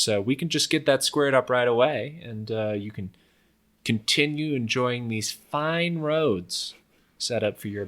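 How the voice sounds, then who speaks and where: A man voicing a smooth-talking male bandit who falsely demands a road toll, in a wheedling, overly friendly tone. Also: fairly low pitch, fairly bright tone.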